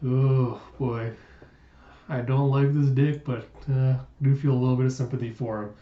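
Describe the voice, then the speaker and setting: A man's voice: mid-range voice, fairly even intonation, moderate pace. A man casually reading a comic aloud, narrating the scenes and chuckling along the way. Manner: chatty, laughs at the story, frequent restarts. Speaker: comic reader. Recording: roomy, dull lo-fi sound.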